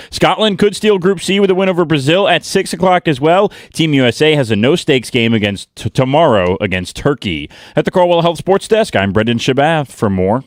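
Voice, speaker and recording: A man reading a brisk scripted sports news update on the radio. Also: mid-range voice, dry recording, clean studio sound.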